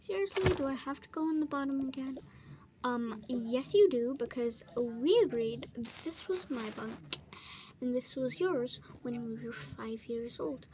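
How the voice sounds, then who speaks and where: A woman voicing a whole family in a casual role-play, full of excited exclamations and squabbling. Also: high voice. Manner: quick back-and-forth of excited exclamations and squabbling. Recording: noisy home recording.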